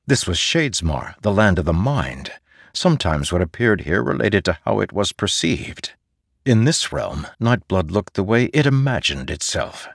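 A male narrator with a deep, low voice reads a fantasy audiobook in a measured, steady way. The sound is dry and close, with no room echo. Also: breathy edge.

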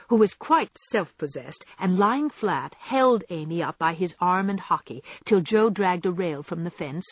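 A woman narrating a classic novel in an expressive, measured storytelling voice. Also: on the low side, breathy edge, no echo. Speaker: audiobook narrator.

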